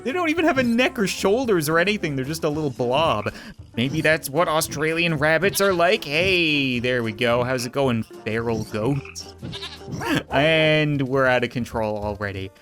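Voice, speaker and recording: A man's voice: on the high side, animated, moderate pace, fairly bright tone, soft background music. A man giving jokey, sarcastic let's play commentary as a gaming YouTuber, often talking to the creatures in the game.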